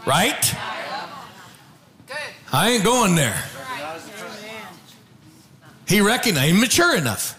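A man preaching a sermon, telling a story with animated shouts and call-outs to the congregation. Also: high-pitched, slow pace, long pauses.

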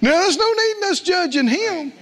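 A man's voice: extremely high pitch, animated, moderate pace, fairly bright tone. A man preaching a sermon, telling stories with quoted voices and asking the congregation questions. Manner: storytelling with acted quotes, asks the congregation questions. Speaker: pastor.

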